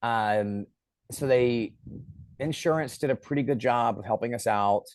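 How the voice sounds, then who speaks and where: A man's voice: medium pitch, unhurried, dry recording. Male director as guest, casual storyteller who acts out quotes, dry close sound.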